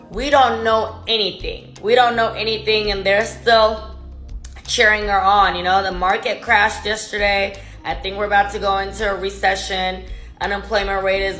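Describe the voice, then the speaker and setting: A woman's voice: medium pitch, fairly bright tone. Exasperated woman in an echoey room. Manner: dismissive, exasperated. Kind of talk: political commentary.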